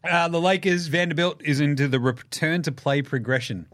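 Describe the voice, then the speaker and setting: Animated Australian man, dry close sound. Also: a little high, moderate pace, no echo. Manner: animated, swears freely, acts out players in silly voices. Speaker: podcast host. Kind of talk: casual sports podcast banter.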